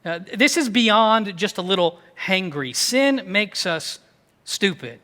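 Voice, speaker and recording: A male pastor preaching a sermon to his church in an emphatic, conversational way, with quick asides. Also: high voice, animated, pushed and bright, big-room sound. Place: church sanctuary.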